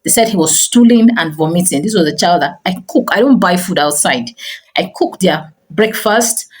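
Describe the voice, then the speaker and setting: A woman's voice: on the low side, normal speed, rough recording. A middle-aged woman, a teacher and school owner telling a personal story to camera and often saying "you know". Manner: animated storyteller, frequent "you know" fillers. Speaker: teacher and school owner giving parenting advice.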